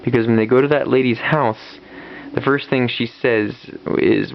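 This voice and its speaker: Rambling man with a gravelly voice. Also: medium pitch, steady tone, normal speed, slight background noise. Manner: rambling, many fillers and restarts. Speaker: comic book reviewer. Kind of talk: casual comic review, retelling the story. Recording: dull lo-fi recording.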